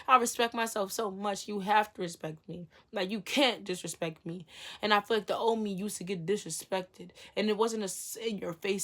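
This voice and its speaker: A woman's voice: mid-range voice, moderate pace, fairly bright tone. A young woman talking frankly to camera about self-respect, slangy and blunt, swearing freely and acting out her own inner dialogue. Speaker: vlogger. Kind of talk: candid self-help talk to camera.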